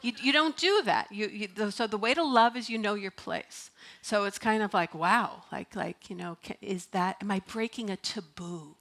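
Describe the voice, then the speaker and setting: A woman's voice: medium pitch, steady tone, normal speed, few pauses, a bit bright. A middle-aged woman minister giving a sermon in a church, talking in a chatty, playful way and laughing often. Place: church sanctuary.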